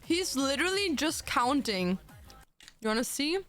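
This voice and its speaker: A woman's voice: high-pitched, very animated, unhurried, fairly bright tone, faint music behind. A woman livestreamer chatting casually and playfully, laughing and thanking viewers for donations. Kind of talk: casual live-stream chat.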